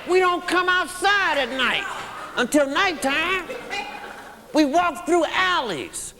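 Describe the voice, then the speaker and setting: A man's voice: very high voice, pushed and bright. A man speaking to a recovery group, blunt and emphatic, often checking in with the audience. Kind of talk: motivational recovery talk. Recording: long reverb of a hall.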